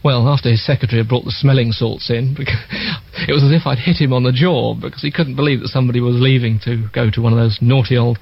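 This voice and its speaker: An older man with an English accent, a former radio disc jockey telling lively anecdotes and acting out the voices he quotes. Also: medium pitch, fast talker, gravelly, lo-fi sound, a little hiss or hum. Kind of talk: reminiscing storytelling.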